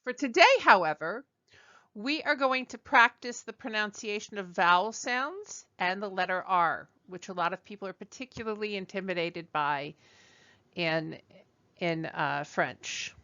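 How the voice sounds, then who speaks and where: A woman teaching a French class, slow and patient, modeling sounds for students to repeat. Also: mid-range voice, sharp tone, clear, resonant tone, dry recording, muffled recording. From United States. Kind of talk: classroom lesson.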